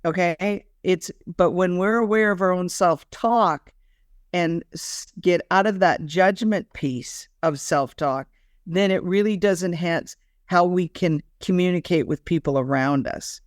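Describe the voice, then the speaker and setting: A woman co-hosting a spiritual wellness podcast in unscripted chat, animated and often restarting her sentences. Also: on the low side, measured pace, dry recording, clean studio sound. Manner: animated, frequent self-restarts. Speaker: podcast co-host.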